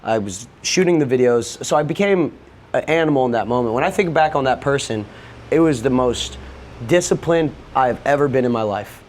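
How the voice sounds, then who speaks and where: A man's voice: mid-range voice, animated, normal speed, slight background noise. A young man on a podcast, candidly telling a personal story in a loose, rambling way, peppered with swearing. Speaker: podcast guest.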